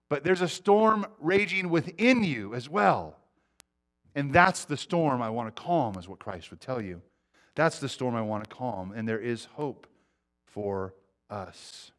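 A middle-aged man preaching a sermon, earnest, swinging between loud urgency and quiet intensity. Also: a little high. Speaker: pastor.

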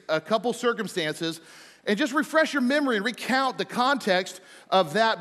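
A man's voice: sits high, a bit bright. A male pastor giving a casual, joking sermon to his congregation, chatty and playful with plenty of fillers. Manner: chatty and playful, with frequent fillers and quick jokes. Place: large church sanctuary. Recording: long hall reverb from a large church.

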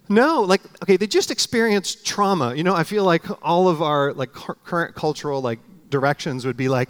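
A man's voice: fairly quick, few pauses, clear, resonant tone. A middle-aged man preaching a sermon, dramatically acting out prayers and dialogue. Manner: dramatic, acts out prayers and dialogue with swings in pitch and volume. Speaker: pastor.

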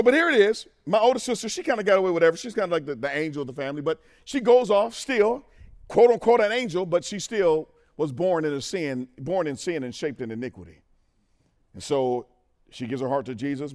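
A middle-aged man giving a testimony sermon at a men's conference, talking straight to the crowd and moving from quiet to loud. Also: a little high. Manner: animated, talks to the crowd, swings from quiet to loud. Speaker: conference speaker.

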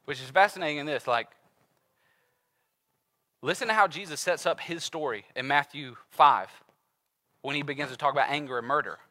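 A man's voice: a little high, moderate pace, pauses often, rough recording. A man preaching a sermon in a casual, conversational way, acting out voices in the stories he tells. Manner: animated, acts out voices in the story. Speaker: pastor.

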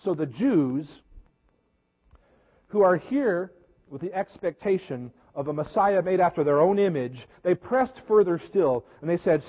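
Husky-voiced preacher in an echoey hall. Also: male voice, high voice, animated. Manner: earnest preaching with repeated words and slow emphasis. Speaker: pastor. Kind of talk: sermon. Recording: echoey hall, dull lo-fi sound.

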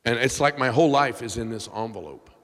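A middle-aged man preaching in a large church hall, his voice trailing off into a long reverb. He tells his story with raw emotion, sinking to near-whispers and then climbing to shouts. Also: mid-range voice, fast talker. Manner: emotional, swings from hushed to shouting. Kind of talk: sermon storytelling.

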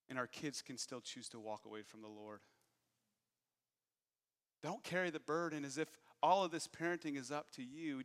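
A man's voice: a little high, big-room sound. A man in his thirties preaching a sermon, candid and self-deprecating as he tells stories from his own life. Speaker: pastor.

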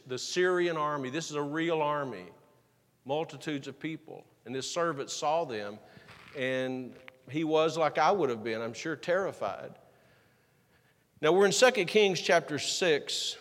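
A male preacher delivers a sermon, mixing scripture reading with casual, folksy retellings. His voice sits a bit high for a man. The sound carries the long reverb of a church sanctuary.

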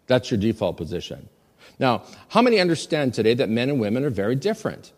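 A man's voice: medium pitch, fast talker. A male pastor preaching a sermon to his congregation in a church, urging the men and joking with the crowd. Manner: animated preaching, calls for audience repetition, jokes with congregation. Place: church sanctuary. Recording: long reverb of a large hall.

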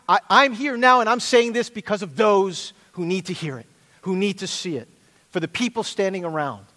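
A man's voice: high-pitched, fairly bright tone. A middle-aged male pastor preaching an earnest, emphatic sermon with repeated phrases. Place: church sanctuary. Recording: long hall reverb.

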